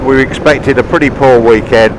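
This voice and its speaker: A man's voice: mid-range voice, fairly even intonation, moderate pace. A middle-aged man chatting cheerfully on a motorbike ride, commenting as he goes, recorded outdoors on a helmet mic. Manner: chatty, cheerful, talking while riding. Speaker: motorbike vlogger. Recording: wind noise on the mic.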